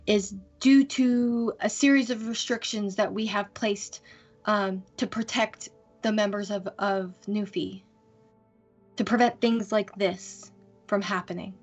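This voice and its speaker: A woman voicing a composed female council representative who speaks politely and with measured care. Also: mid-range voice, fairly even intonation, muffled recording, faint music behind, lightly acted. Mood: formal.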